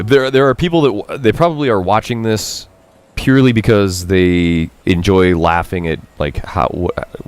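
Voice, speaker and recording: A man streaming a game, translating its lines aloud as he goes, halting and thinking aloud with lots of fillers and some self-mockery. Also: low-pitched. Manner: chatty and self-mocking, reads out character lines.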